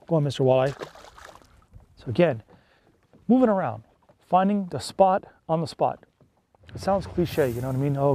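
A man chatting excitedly and folksily while fishing from a small boat on a lake. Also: on the high side. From Canada. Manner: excitable, folksy, peppers talk with "eh". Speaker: fishing vlogger. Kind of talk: casual on-the-water chat.

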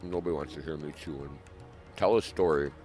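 A man's voice: extremely low pitch, fairly quick, darkish tone, soft background music. A young man co-hosting a podcast, rambling and joking in a profane, casual way. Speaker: podcast co-host. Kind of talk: casual crude banter.

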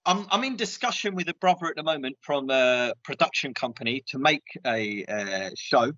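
A man's voice: mid-range voice, animated, normal speed, pushed and bright, dry recording, muffled recording. A man playing a big, earnest, clueless self-styled diet guru in a comedy sketch, instructor patter full of "yeah?" and "right?".

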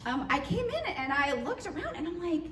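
A woman's voice: high-pitched, brisk, slight background noise. Chatty woman in an echoey church hall. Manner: animated, chatty, lots of fillers, acts out quotes. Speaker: mission trip leader speaking to church. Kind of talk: storytelling trip recap. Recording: roomy echoey hall, mic far off.

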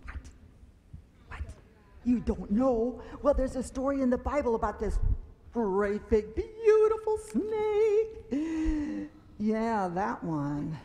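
A woman telling a children's story at a church service, animated and dramatic, acting out fearful cries and screams. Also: fairly high pitch, unhurried, long reverb tail. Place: large meeting hall.

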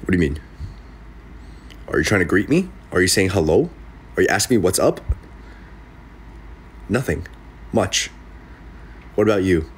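Young male streamer, sniffly from a cold, playful and lively, jumping up and down in pitch while reading chat. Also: moderate pace, long pauses, breathy edge. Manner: playful, jokey, reacting to comments. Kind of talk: casual livestream chat. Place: his room in an apartment. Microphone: desk mic.

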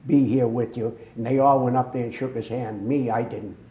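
This is oral history storytelling from an older man, a veteran interviewee from Massachusetts, recounting the war. His voice is mid-range and his speed normal; he brings quoted dialogue to life with lively acting. Echo fills the room.

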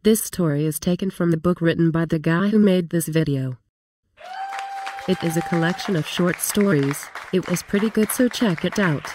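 A woman reading a story aloud in a plain, steady way, close to a dry home mic. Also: fairly low pitch, moderate pace, some chatter behind, a little hiss or hum.

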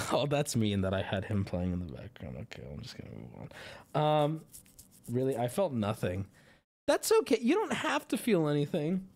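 A man in his thirties, hosting a casual live stream, reacting loudly and swinging from mumbling to shouting. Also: mid-range voice, wildly swooping pitch, moderate pace.

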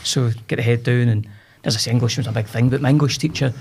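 A man's voice: medium pitch, fairly even intonation, fast talker, creaky, darkish tone, slight background noise. A Scottish man in his forties, a podcast guest telling stories about his past in a chatty, self-deprecating way. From Scotland. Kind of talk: casual podcast chat.

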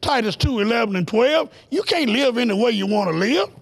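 Middle-aged preacher man, really high voice w a gravelly rasp, keeps asking the crowd questions, gets loud n excited. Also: brisk. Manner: emphatic, with repeated rhetorical questions to the audience; rising to excited, near-shouted peaks. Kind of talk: television Bible lesson.

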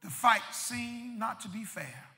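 A male pastor preaching a sermon, repeating words and building up to shouted peaks. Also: extremely high pitch, lively intonation, unhurried. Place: church sanctuary. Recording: long reverb of a church hall.

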